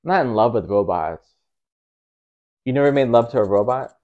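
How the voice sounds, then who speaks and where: A man in his thirties, a comedian, teasing and deadpan in casual interview banter. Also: mid-range voice, normal speed, lo-fi sound. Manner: dry, teasing. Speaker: comedian guest.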